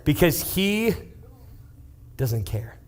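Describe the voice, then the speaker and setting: A young man, a youth pastor, preaching in a casual, animated way, retelling a story and dropping into hushed asides. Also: on the high side, extremely slow. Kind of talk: youth-group sermon storytelling.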